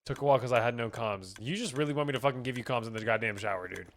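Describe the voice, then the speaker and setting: A man's voice: medium pitch, very fast, few pauses, a little hiss or hum. A young man streaming a game, chatting casually and reading chat aloud, rambling and swearing, with keyboard typing behind him.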